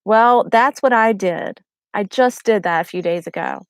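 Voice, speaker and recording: A middle-aged woman talks to camera about her faith in a casual, animated way, slipping into earnest urging. Her voice sits at an ordinary middle pitch. The sound is dry and close, with no room around it. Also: normal speed, clear, resonant tone, no echo, poor audio. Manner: animated storyteller acting out quotes in raised voices. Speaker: faith vlogger.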